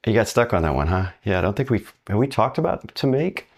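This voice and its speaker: Deep-voiced man teaching a language lesson. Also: big pitch swings. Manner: upbeat, conversational, models phrases slowly; asks the learner questions and pauses for answers. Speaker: Spanish teacher.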